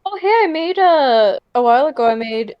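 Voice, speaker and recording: A woman's voice: sits high, animated, brisk, clean tone, dry recording, muffled recording. A woman chatting casually and friendly during a game session. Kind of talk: casual chat.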